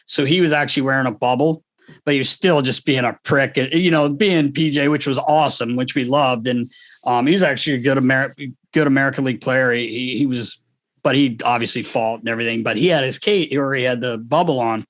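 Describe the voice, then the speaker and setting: A man hosting a podcast, telling locker-room stories in a lively, laughing way. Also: medium pitch, fairly quick. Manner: animated storyteller, laughs often. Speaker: podcast host. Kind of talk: casual storytelling chat.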